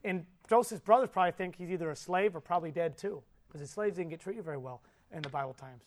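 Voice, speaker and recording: Male preacher, high voice, lively storyteller who quizzes the room and jumps from hushed to loud. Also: fast, slight background noise. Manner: animated storytelling, asks the audience questions; swings between soft and loud. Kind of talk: sermon.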